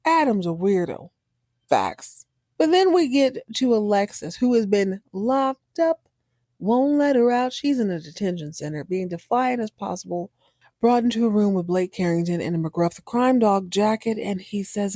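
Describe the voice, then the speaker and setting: Podcast host, woman, sassy recapper, mellow tone, dry close mic. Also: a little high, a little slow, no echo. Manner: animated, sassy, breaks into exaggerated voices. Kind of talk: casual recap commentary.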